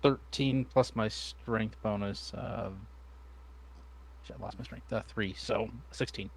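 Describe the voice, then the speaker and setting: Lower-voiced male player. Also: fairly even intonation, slow, creaky, a little hiss or hum. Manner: casual, talks through dice math aloud. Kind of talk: casual tabletop game chat.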